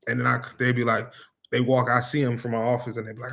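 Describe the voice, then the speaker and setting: A man co-hosting a family vlog, chatting casually and telling stories in a laid-back way with relaxed slang. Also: mid-range voice, fast, vocal fry. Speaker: co-host of a family vlog channel. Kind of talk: casual chat.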